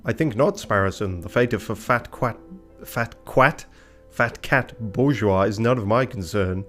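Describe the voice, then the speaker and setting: A man's voice: on the low side, measured pace, fairly bright tone, faint music behind. A man voicing a posh, snobbish male falcon lawyer in a bird game, speaking in a haughty, formal manner.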